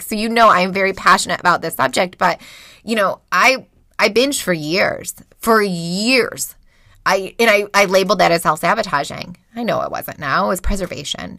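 A woman's voice: fairly low pitch, sharp tone, dry recording, studio quality. A woman in her thirties talking frankly and emotionally to listeners, swearing freely, recorded in a small closet at home. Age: 30s. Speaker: podcast host. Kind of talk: candid personal monologue.

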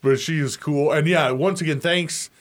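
A man co-hosting a casual sports radio show, animated and joking, who now and then breaks into shouting. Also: a little high, normal speed, heavy background noise. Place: radio studio.

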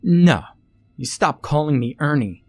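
Man putting on a timid boy, high and trembling, pleading on the edge of tears; horror story narration. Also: takes it slowly, a little mellow, breathy edge, no echo, faint music behind. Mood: frightened, pleading. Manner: shaky, pleading, voice cracking. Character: frightened timid young boy, near tears.

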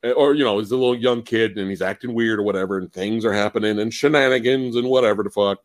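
A man hosting a casual live-stream podcast about movies, animated, laughing often and swearing casually. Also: fairly low pitch, fast talker, no room sound. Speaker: podcast host.

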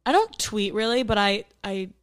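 Young woman podcast co-host, mid-range voice, animated casual storyteller. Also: medium pitch, normal speed, clean tone. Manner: animated storyteller, acts out quotes. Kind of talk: casual chat.

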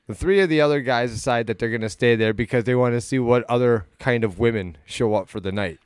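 A man's voice: mid-range voice, quick pace, smooth, no room sound, studio quality. A man co-hosting a podcast, telling a long story in casual, rambling talk full of swearing, fillers and restarts. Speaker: podcast co-host.

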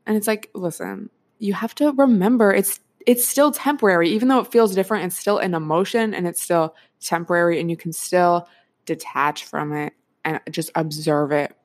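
A woman's voice: on the low side, moderate pace. A young woman in her twenties hosting a casual solo podcast, chatty and frank, swearing freely and laughing often. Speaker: podcast host.

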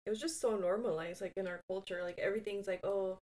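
A woman's voice: mid-range voice, fairly even intonation, fast talker, a little mellow. A woman in her thirties chatting casually as a podcast co-host, telling stories with Spanish phrases mixed in and laughing often. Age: 30s. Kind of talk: casual chat.

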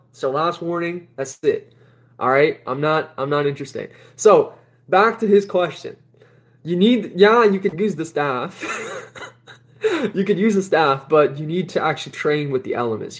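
A man hosting a spiritual livestream in casual talk. He rambles, repeats his words, laughs often and sounds blunt and dismissive. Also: a little high.

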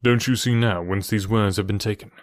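A man reading aloud and voicing a keen, confident middle-aged detective who speaks in a measured, pointed way. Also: steady tone, dry recording, studio quality, close to an everyday voice. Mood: assured. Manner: measured, precise and pointed, voice dropped lower.

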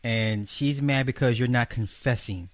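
A man's voice: medium pitch, a little slow, dry recording. Guy hosting a stream, blunt and cussing, rambles on, dry close sound. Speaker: host. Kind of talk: livestream debate wrap-up.

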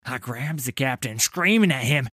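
A grizzled old sailor, boastful and full of tall tales in an audio story. His voice swings widely in pitch, sinking into hushed whispers and climbing to roars, all in rough dockside dialect. The recording is dry and close, with no room sound. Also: animated, moderate pace, no room sound. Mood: spinning yarn. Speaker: tavern storyteller. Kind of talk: dramatic audio story narration.

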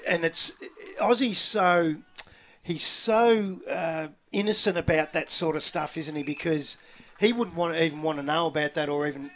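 A man's voice: fairly high pitch, steady tone, normal speed, fairly bright tone. An Australian man hosting a local football radio show, chatting enthusiastically and heaping praise on his guests. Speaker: radio sports show host. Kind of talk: casual radio sports chat.

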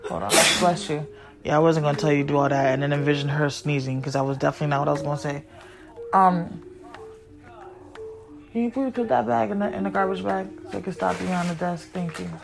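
A woman's voice: deep voice, quick pace, gravelly, over music. A woman hosting a podcast who talks frankly and in a scattered way to her listeners, breaking off now and then to look after her kids. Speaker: podcast host and mother. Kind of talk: candid casual rambling to listeners.

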